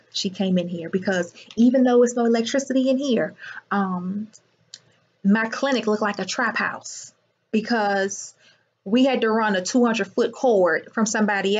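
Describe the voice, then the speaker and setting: A woman telling a story in a casual vlog from her clinic, indignant and animated, acting out the people she quotes. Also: medium pitch, breathy edge. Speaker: business owner and healer. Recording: muffled lo-fi sound.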